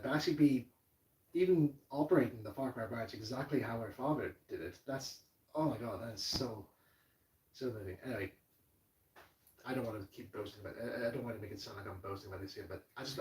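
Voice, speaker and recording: A man's voice: mid-range voice, recorded from a distance, a little hiss or hum. A man telling a rambling, emotional story to camera as a model railway hobbyist, stumbling over restarts and repeated words. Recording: echoey room, voice off-mic.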